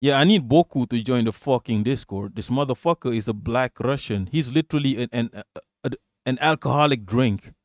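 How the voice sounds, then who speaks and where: This livestream host has a mid-range voice and talks a little fast, reading viewer comments aloud and answering them in a rambling, profane way. The recording is studio quality with no room sound.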